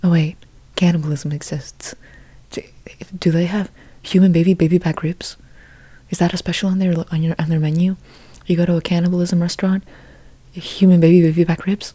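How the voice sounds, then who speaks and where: A young woman rambles in whispered role-play, her hushed voice airy and husky, its tone soft and mellow. She restarts her sentences again and again, drifting between breathy whispers and quiet half-voiced words, sitting a little low in pitch. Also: level tone, brisk, pauses often. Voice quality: mostly whispered. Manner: rambling absurd monologue with many restarts. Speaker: ASMR creator.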